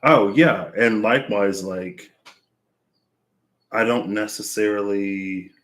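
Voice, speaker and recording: Deep-voiced man musing in rambling fashion. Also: slow, a bit bright. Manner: rambling, searching for words, many fillers. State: out of breath. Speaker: tarot reader. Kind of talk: reflective casual monologue.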